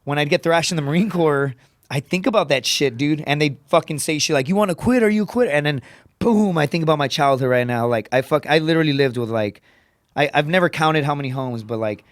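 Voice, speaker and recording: Man, rapid-fire, a bit high, profane storyteller, dry close mic. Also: dry recording. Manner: profane, rapid storytelling with frequent "dude" and "right?"; acts out quoted voices with raised pitch. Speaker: podcast guest, comedian. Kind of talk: casual podcast storytelling.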